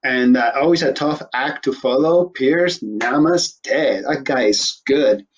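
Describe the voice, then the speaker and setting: A man's voice: mid-range voice, slow pace, dull audio. A man hosting a casual interview show, joking irreverently and swearing offhandedly. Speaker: host.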